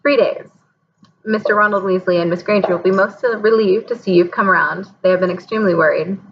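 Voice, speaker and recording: A woman reading aloud, voicing a calm, kindly old male headmaster with a gentle, wry, measured manner. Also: medium pitch, highs cut off, slight background noise, close to an everyday voice.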